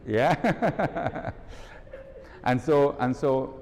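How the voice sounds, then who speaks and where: Speaking very slowly in a darkish tone, a man delivers a live workshop talk in an event hall. He quizzes the audience and demonstrates tones of voice, and the audio has long hall reverb and a faint rumble.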